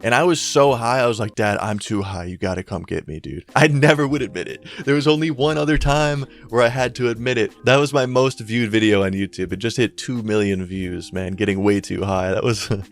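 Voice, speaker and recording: A man's voice: medium pitch, brisk, few pauses. Rambling, slangy young man storyteller. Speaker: YouTuber storyteller. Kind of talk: casual storytelling.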